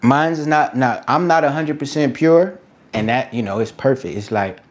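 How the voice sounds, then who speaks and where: A man streaming live as an artist, giving excited shout-outs to viewers in casual slang, then turning soft and reflective. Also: mid-range voice, moderate pace. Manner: drops to a soft, quiet reflective tone. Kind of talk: casual livestream chat.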